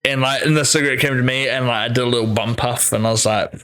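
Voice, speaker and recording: A young man chats as a guest in a relaxed, amused way. His voice sits at an ordinary mid pitch. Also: quick pace. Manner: relaxed, laughing, easygoing storyteller. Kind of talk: casual chat.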